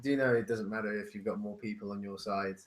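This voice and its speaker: A man's voice: on the low side, fairly even intonation, fast talker, recorded from a distance, a crowd in the background. A man co-hosting a casual chat, boastful and laughing, swearing often. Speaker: podcast co-host. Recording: echoey room.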